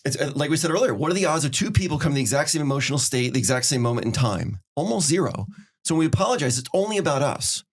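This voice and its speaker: Fast-talking earnest man podcast host. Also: on the high side, lively intonation, slightly rough. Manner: earnest, acts out little dialogues. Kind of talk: casual advice chat.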